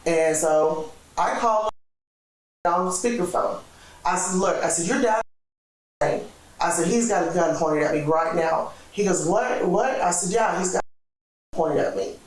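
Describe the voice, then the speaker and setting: A woman's voice: on the low side, unhurried, long pauses. A woman in an interrogation, animatedly recounting events and acting out quoted dialogue. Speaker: interrogation subject. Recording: echoey room, distant mic.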